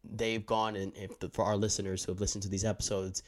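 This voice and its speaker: With a lowish voice, a level tone, and a fast pace, a young podcast co-host rambles through his audio habits in casual conversation. He handles the show's audio, interrupts himself often, and speaks into a handheld mic.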